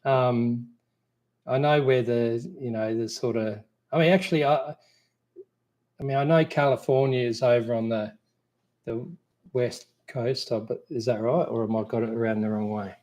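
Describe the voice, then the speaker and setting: A man's voice: medium pitch, fairly even intonation, moderate pace, a little mellow. An Australian man co-hosting a casual live Q&A, talking in a rambling, easygoing way full of fillers and restarts. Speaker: co-host.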